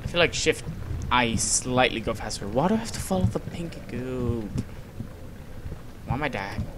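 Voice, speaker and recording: A man's voice: medium pitch, animated, moderate pace, background noise. A young man commenting as he plays a horror game, easily scared, given to sudden shrieks and nervous laughter. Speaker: gamer narrating his play.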